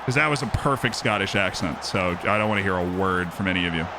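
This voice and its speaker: Joking, animated male game streamer. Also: low-pitched, quick pace, music in the background. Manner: animated, joking, cheers and groans at the play. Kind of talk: live-stream commentary while playing and reading chat.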